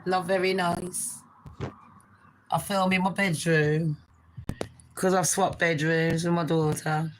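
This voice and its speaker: Fast-talking, sweary British woman. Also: on the low side, level tone, a little hiss or hum, rough recording. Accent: British English. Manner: fast, sweary, chatty, addresses viewers as babes. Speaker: live-stream host. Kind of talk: casual live-stream chat. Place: her bedroom.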